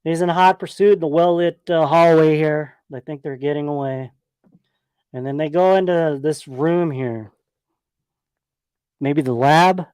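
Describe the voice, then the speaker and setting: A man's voice: on the high side, measured pace, pauses often, a little mellow, clear, resonant tone, dry recording. A man with a slightly raised voice talks through a horror film scene by scene in a loose, rambling way, swearing freely and stopping for fillers. The recording is close and dry, with no room sound around him. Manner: casual, profane, rambling with fillers. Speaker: podcast host. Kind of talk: casual movie retrospective commentary.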